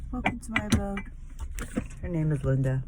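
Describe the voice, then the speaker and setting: Low-voiced woman rambling on a vlog. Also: lively intonation, normal speed, very noisy. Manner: meandering, spiritual musing with many fillers. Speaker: vlogger.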